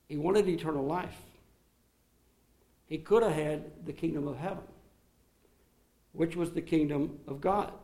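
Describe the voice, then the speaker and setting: A man preaching a sermon to his congregation, swinging between emphatic raised passages and quiet, low asides. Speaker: pastor.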